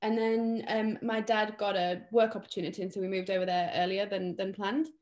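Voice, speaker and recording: A woman's voice: medium pitch, level tone, brisk, a little mellow, highs cut off. Young British woman, casual guest, chatty with fillers, mid-range voice. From England. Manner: chatty, lots of fillers and restarts. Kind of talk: casual interview chat.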